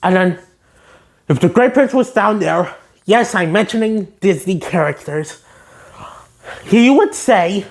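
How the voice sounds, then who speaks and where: A woman's voice: medium pitch, animated, slow pace, long pauses. A woman casually recapping a cartoon episode scene by scene in a chatty, giggly way.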